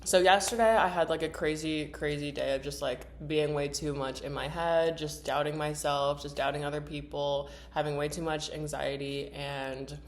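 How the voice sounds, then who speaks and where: A woman's voice: deep voice, steady tone, normal speed, hardly any pauses. A young woman vlogging casually and reflectively, rambling with many fillers, sometimes eating while she talks and reading questions from her journal. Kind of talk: reflective personal vlog.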